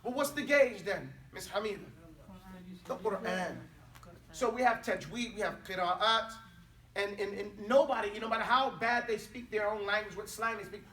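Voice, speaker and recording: A man's voice: high-pitched, normal speed, sharp tone, slight background noise. A man teaching an Arabic class, drilling pronunciation and correcting students bluntly and emphatically. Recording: echoey classroom, mic far off.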